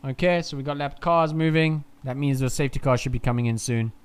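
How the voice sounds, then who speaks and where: A young man streaming casual, rambling live race commentary. He swears freely, talks excitably and sounds groggy from too little sleep. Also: mid-range voice, fast talker, smooth.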